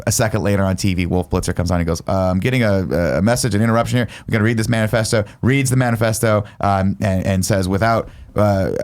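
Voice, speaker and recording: Recapping a movie in a casual review chat, this podcast host in his thirties acts out quoted lines, swearing along the way. His voice is lowish with a darkish tone.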